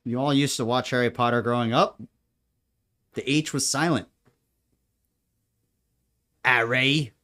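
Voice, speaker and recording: A man talking loosely while he cooks at home, drifting between thoughts with jokes and frequent laughter. His voice sits at a middle pitch, and his delivery is casual and unscripted. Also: fairly even intonation, normal speed, pauses often, fairly bright tone. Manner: rambling, joking, laughs often. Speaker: home cook. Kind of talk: casual chat while cooking. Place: home kitchen.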